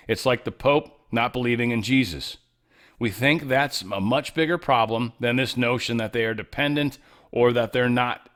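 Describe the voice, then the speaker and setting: A man at a medium pitch hosts a commentary show in a loose, casual way. He is animated and sarcastic, tosses in jokes, and stumbles into restarts and fillers as he goes. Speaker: political commentary show host.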